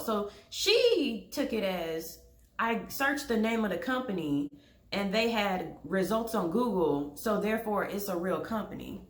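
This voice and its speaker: A woman's voice: medium pitch, lively intonation, unhurried, fairly bright tone, reverberant. A young woman telling a story to camera in a blunt, exasperated way, swearing freely. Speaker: vlogger.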